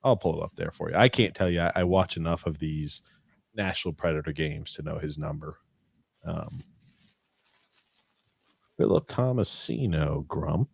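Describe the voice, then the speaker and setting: A man's voice: extremely low pitch, creaky, husky, no room sound. A man co-hosting a casual sports watch-along podcast, chatty and teasing. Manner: teasing, chatty, talks fast at times. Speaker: podcast co-host.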